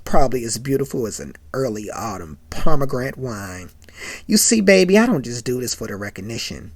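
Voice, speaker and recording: A narrator voicing a smooth-talking, boastful male TV host who brags in a low, slow voice. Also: very animated, a little mellow, dry recording. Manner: low, slow, smooth bragging; croons a song.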